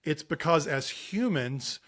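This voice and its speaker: A man in his late thirties, guesting on a podcast about sports parenting, delivers stories and advice slowly in a slightly high, animated, somewhat bright voice. He's earnest and emphatic, with many restarts.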